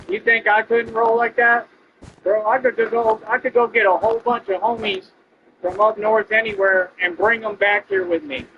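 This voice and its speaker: A man's voice: high-pitched, creaky, background noise. A man ranting at viewers during a game stream, boastful and confrontational. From Texas. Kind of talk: ranting to viewers while gaming. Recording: dull lo-fi stream audio.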